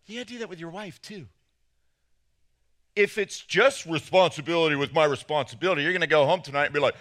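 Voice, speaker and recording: A man's voice: fairly high pitch, quick pace, fairly bright tone. A middle-aged male pastor preaching a sermon, joking and acting out the voices of the people he quotes.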